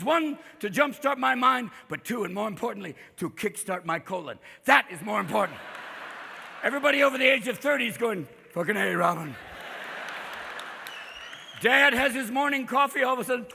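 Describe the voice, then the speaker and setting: A manic stand-up comedian with a high, gravelly voice that swings wildly in pitch. He sounds sharp and bright, and his voice rings through a large reverberant hall while a crowd murmurs faintly behind him. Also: expressive, slight background noise. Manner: manic, rapid-fire, jumps into shouted character voices. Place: large hall with a live audience.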